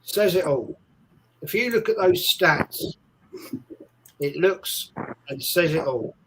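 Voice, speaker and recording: A man's voice: fairly high pitch, lively intonation, takes it slowly, background noise. A man in a casual fan chat, making an emphatic point, repeating himself and listing statistics. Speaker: co-host of a fan podcast.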